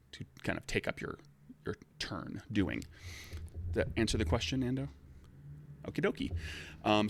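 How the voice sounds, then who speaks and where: A man's voice: on the low side, a bit bright, dry recording. A man narrating as game master, explaining rules at length with many fillers and restarts.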